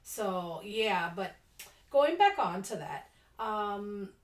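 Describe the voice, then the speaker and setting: A woman's voice: mid-range voice, lively intonation, very slow, echoey room. A woman co-hosting a podcast, chatting casually and rambling through stories while often laughing. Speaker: podcast co-host. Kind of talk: casual chat.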